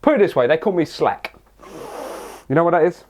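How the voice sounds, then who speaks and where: A man's voice: on the high side, lively intonation, fairly quick. A young English man answering viewer questions in a casual vlog, rambling and crude with lots of jokes. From England. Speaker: fitness vlogger.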